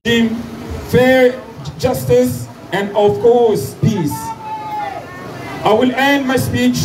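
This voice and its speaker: A man from Comoros declaims at an open-air protest, his high voice denouncing the regime in short, hammering phrases. He sounds distant from the recorder. Busy street noise and passing vehicles fill the square around him. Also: steady tone, drawn-out words, a crowd in the background. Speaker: protest speaker. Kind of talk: political rally speech. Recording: distant mic, loud outdoor street noise with traffic.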